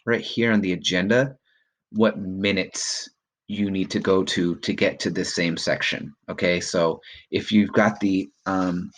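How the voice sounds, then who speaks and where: Deep-voiced guy teacher talking his class thru a reading assignment, lots of ums and okays. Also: steady tone, measured pace. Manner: encouraging, many ums and okays. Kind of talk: recorded remote class lesson.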